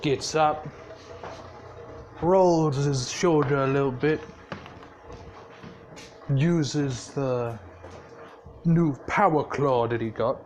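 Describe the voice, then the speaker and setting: A man's voice: mid-range voice, very slow, long pauses, a little mellow, slight background noise. A man casually improvising a fan story, laid-back and swearing, with frequent restarts.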